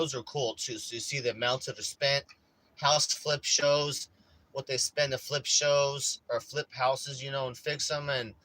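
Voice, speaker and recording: A man chatting casually in a vlog from inside his RV, rambling and swearing, getting animated when he acts out stories. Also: mid-range voice, poor audio. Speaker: vlogger. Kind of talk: casual chat.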